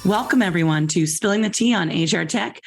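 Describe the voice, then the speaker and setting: A woman hosting a podcast while getting over a cold, her voice scratchy and hoarse, talking in a chatty way with frequent repeated words. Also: brisk, faint music behind. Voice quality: scratchy, squeaky voice. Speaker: podcast host.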